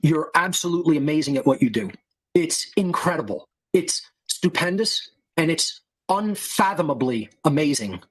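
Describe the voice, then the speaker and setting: Husky man in a contemptuous rant. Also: fairly high pitch, lively intonation, normal speed. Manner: insulting with profanity. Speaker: podcast host. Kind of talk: heated podcast monologue.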